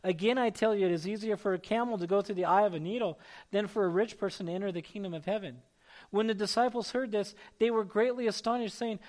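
A man's voice: sits high, moderate pace, fairly bright tone. A man preaching a sermon as pastor, reading scripture and building to emphatic calls to his congregation. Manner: preaching with rising intensity, calling out names.

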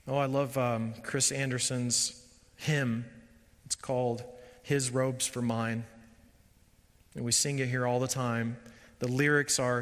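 A man preaching a sermon as pastor, speaking emphatically and building to loud, fervent peaks. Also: mid-range voice, fairly even intonation, unhurried, in a large hall.

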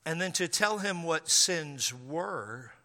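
A man in his fifties preaching in a storytelling way, chatting straight to his congregation with playful asides and lots of restarts. His voice sits a little high and rings bright. A long reverb from a large hall trails behind every phrase. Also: lively intonation, takes it slowly. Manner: conversational, rambling, with frequent restarts. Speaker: pastor. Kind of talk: storytelling sermon.

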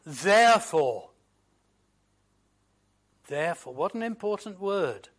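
A man delivers a sermon in a fairly high voice, taking his time over each phrase. He swings between ringing declarations and quiet, reflective asides, and slips into hymn lines as he goes. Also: very animated. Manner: slow, emphatic preaching with swings between loud declarations and hushed asides. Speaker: preacher.

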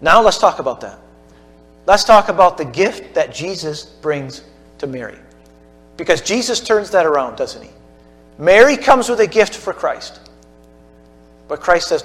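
Guy preaching a sermon in church, kinda high voice, loud bits then quiet asides, faint music behind. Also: expressive, a little slow, long pauses. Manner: preaching with rising emphasis and soft dropped asides to the congregation. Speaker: pastor.

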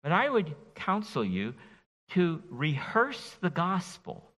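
A middle-aged pastor giving an expository sermon in a church, animated and folksy, joking with his congregation. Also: a little high, slow. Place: church sanctuary. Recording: reverberant church hall.

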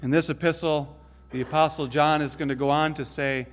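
Male preacher, sermon, earnest, slightly high pitch, emphatic swells and hushed drops. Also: fairly even intonation, fairly quick. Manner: earnest, rising to emphatic peaks then dropping low and soft.

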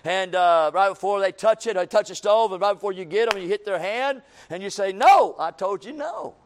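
A man's voice: high-pitched, a little fast, slight background noise. A man preaching a sermon, folksy and repetitive, building to emphatic calls and acting out everyday scenes.

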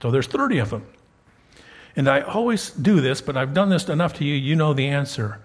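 A man's voice: fairly high pitch, animated, fairly quick. A middle-aged man preaching a sermon as pastor in a church, talking to his congregation in a conversational way and rising emphatically on key points. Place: church sanctuary.

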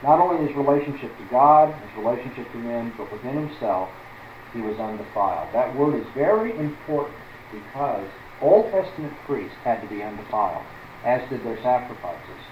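A man's voice: mid-range voice, animated, moderate pace, darkish tone. Preacher guy teaching verse by verse, punches each word, asks the room questions, echoey hall, bit of hiss. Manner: emphatic, stresses words one by one, asks the audience questions. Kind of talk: expository Bible teaching.

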